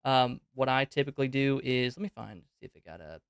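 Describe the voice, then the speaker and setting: A man's voice: mid-range voice, lively intonation, brisk, vocal fry, clear, resonant tone, no echo, clean studio sound. A man hosting a live Q&A stream, explaining things on screen in a loose, conversational way with plenty of fillers. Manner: loose and conversational, thinking aloud with many fillers.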